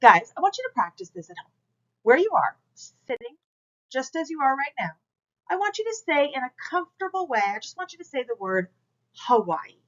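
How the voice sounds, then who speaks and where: A woman's voice: sits high, sing-song, fairly quick. Coaching woman lecturer on dull video. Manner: direct, coaching, demonstrates projection aloud. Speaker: instructor. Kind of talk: recorded class lecture. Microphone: camera mic.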